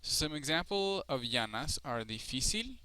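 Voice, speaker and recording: Bright, crisp male Spanish teacher. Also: fairly high pitch, big pitch swings, moderate pace, no echo. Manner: explanatory, with frequent fillers and self-corrections. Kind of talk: screencast lesson.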